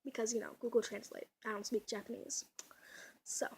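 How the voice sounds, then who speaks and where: A woman's voice: fairly high pitch, flat delivery, brisk, gravelly, slight background noise. A young woman vlogging at home, chatty and giggly, rambling with lots of fillers, her voice a little off. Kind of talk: casual home vlog. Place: at home indoors. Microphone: camera mic.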